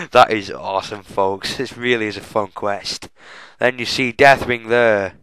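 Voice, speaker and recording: A man's voice: fairly low pitch, steady tone, slow pace, fairly bright tone, clear, resonant tone, no echo, low-quality recording. A young man giving chatty, self-mocking walkthrough commentary on a game, often addressing viewers as folks. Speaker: gaming channel host.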